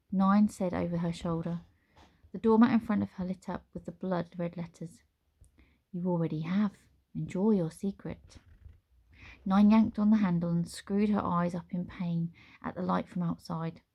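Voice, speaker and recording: A woman reads a children's storybook aloud. Her storytelling is measured and expressive. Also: on the low side, creaky. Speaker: narrator. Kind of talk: storybook reading.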